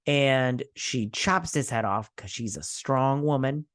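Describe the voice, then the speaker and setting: A man hosting a casual episode recap and review, talking fast and loose with crude, sarcastic asides and quick mocking impressions. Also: medium pitch, fairly bright tone, no room sound, studio quality. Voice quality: crude, sarcastic retelling with mocking quoted voices. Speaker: host.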